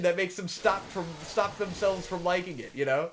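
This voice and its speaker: A young man co-hosting a let's play, giving casual gameplay commentary in a profane, ranting way that swings from mumbling to shouting. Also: high voice, normal speed, few pauses, a little hiss or hum.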